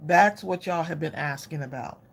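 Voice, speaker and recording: A woman's voice: low voice, normal speed, vocal fry. A middle-aged woman hosting a crafting livestream, chatting effusively and directly with her viewers. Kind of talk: casual live chat with viewers.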